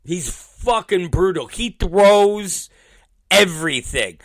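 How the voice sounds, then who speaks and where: A man in his fifties hosting a podcast, telling rambling, profane stories in a casual, animated way. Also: high-pitched, slow pace, no room sound. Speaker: podcast host. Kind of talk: casual storytelling monologue.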